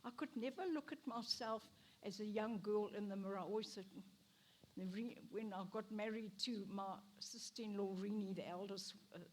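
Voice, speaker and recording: A woman's voice: mid-range voice, brisk. An older woman giving a personal testimony in church, emotional and acting out the lines she quotes. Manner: emotional, acts out quoted speech with laughs. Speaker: interviewee sharing her life story. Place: church stage.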